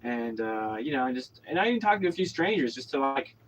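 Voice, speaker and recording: A man's voice: medium pitch, sing-song, a little fast, a little hiss or hum, rough recording. Rambling storytelling man from Oklahoma. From Oklahoma, USA. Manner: rambling, many fillers and restarts. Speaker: vlogger. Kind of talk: casual storytelling monologue.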